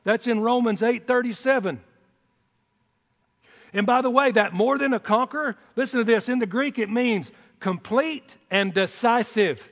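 A man preaching a sermon in a folksy, excitable way, breaking into whoops and joking asides. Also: extremely high pitch, moderate pace. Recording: dull sound in a reverberant hall.

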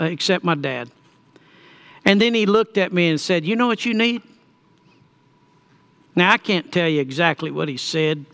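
A middle-aged pastor preaching with a high, bright voice. He talks in a folksy, storytelling way, then presses his points home with emphasis. His tone stays clear and lively in the upper register. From Texas. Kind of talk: sermon storytelling.

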